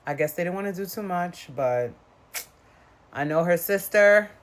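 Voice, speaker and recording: A woman with a fairly low voice gives casual reaction commentary on a reality dating show. She is blunt and gossipy and often slips into the voices of the people she quotes. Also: animated, moderate pace, slight background noise.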